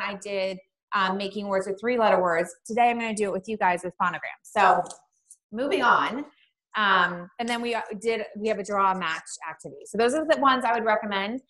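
A woman teacher with a voice pitched a little high, giving a reading lesson to small children. She chats loosely between activities, then slows down for call-and-response spelling and sing-song chants. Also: fairly bright tone. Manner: chatty, loose asides with fillers between activities. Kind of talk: online early-literacy lesson for young children.

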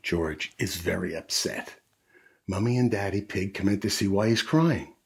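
A man's voice: low voice, normal speed, slightly rough. A man reading a picture book aloud to children as a storyteller, adding friendly asides to young listeners.

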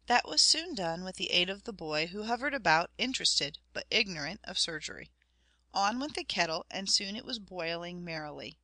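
A woman reading a story aloud as a narrator, in a measured storytelling manner that speaks to the listener. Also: fairly low pitch, expressive, pushed and bright, dry recording. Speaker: audiobook narrator. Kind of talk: scripted narration.

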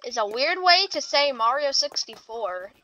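A woman commentating over a game, rambling and cracking jokes, often repeating herself. Her voice is high and bright. The recording sounds dull and lo-fi. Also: animated, normal speed. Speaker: gaming channel host. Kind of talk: let's-play commentary.

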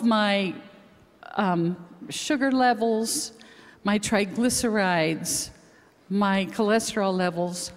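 Slow-talking older woman in an echoing hall. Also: mid-range voice, a little hiss or hum. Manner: chatty, rambling, laughing easily. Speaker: guest speaker. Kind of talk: testimonial speech on stage. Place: large hall with audience. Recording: reverberant hall with crowd.

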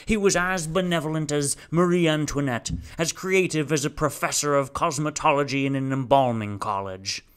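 A man's voice: normal speed, hardly any pauses, clean tone, lightly acted. A man voicing a grandiose, preaching figure who lectures a crowd in solemn, declamatory tones. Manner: solemn, declamatory, booming calls.

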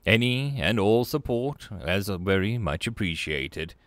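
Expressive male audiobook narrator. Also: on the low side, unhurried, no echo, clean studio sound. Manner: expressive storytelling.

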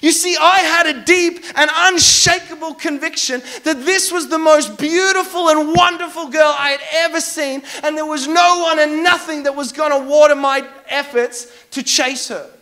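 High-voiced animated young preacher. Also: male voice, moderate pace, hardly any pauses. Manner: animated, self-mocking storyteller. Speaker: pastor. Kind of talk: storytelling sermon.

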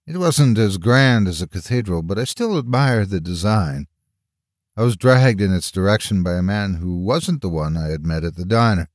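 A man narrating a first-person horror story in a measured storytelling voice. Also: deep voice, expressive, no room sound, studio quality.

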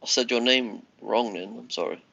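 A man chatting to viewers on his live stream, tired, rambling and halting with many restarts. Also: medium pitch, vocal fry, sharp tone. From United Kingdom. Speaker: livestream host. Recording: lo-fi muffled livestream audio.

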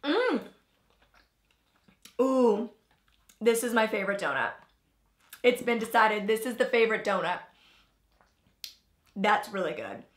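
A woman's voice: a little high, expressive, measured pace, pauses often, echoey room. A young woman hosting a casual taste-test vlog, chatting in a loose, filler-heavy way and talking between bites. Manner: chatty, filler-heavy, talks while chewing. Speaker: vlogger host.

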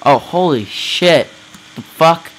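Male gamer, slow-talking, foul-mouthed, yells a lot. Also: on the high side, expressive, noisy background. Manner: loud, profane, yelling reactions. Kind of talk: let's play commentary. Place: at home.

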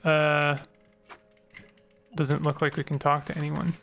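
Guy rambling through a game, kinda high voice, gravelly, trips on weird names, faint music behind. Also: completely flat delivery, slow pace, a bit bright. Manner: rambling, stumbles over odd names. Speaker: let's play host. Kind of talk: casual game commentary.

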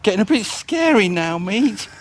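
Casting: chirpy puppet dog sidekick, very high and bouncy. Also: male voice, sing-song, moderate pace, a little hiss or hum. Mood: eager. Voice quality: chirpy, interjecting. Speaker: co-host listener.

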